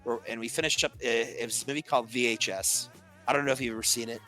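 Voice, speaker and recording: Young guy, casual podcast storyteller, crisp forward voice with soft music behind; leans on "like" and acts out quotes. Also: mid-range voice, fairly even intonation, quick pace. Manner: chatty, heavy use of "like", acts out quoted lines.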